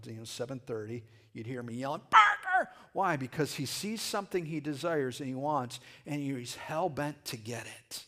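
A man delivering a sermon in a loose, conversational way, repeating and restarting his words as he goes. His voice sits at an ordinary middle pitch, and he jumps to a loud shout when he acts out a scene. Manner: conversational preaching with frequent restarts and sudden shouted asides. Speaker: pastor.

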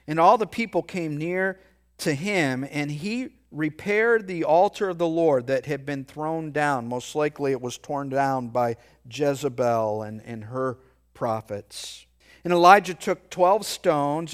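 Slow, deliberate male preacher. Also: fairly high pitch, smooth. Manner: reads verses slowly, then explains in a quick aside. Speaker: pastor. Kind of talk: sermon reading and explaining scripture.

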